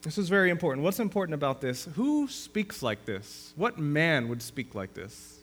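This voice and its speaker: A man's voice: on the high side, sing-song, moderate pace, a bit bright. A man preaching a sermon as pastor of a church, earnest and rising to emphasis when he quotes scripture.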